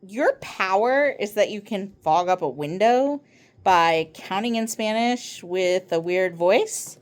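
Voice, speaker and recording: A woman's voice: mid-range voice, animated, slow. A woman voicing a skeptical, sarcastic schoolgirl who sounds dry and unimpressed.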